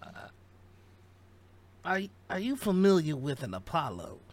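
A man's voice: on the high side, big pitch swings. A man playing a stammering crew member. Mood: hesitant. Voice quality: halting, stammering. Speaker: player.

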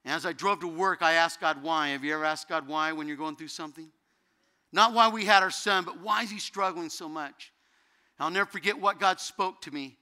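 A man's voice: fairly high pitch, a little fast, sharp tone, clear, resonant tone. A man preaching a sermon as a guest pastor, telling an emotional personal story that builds into fervent preaching. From United States.

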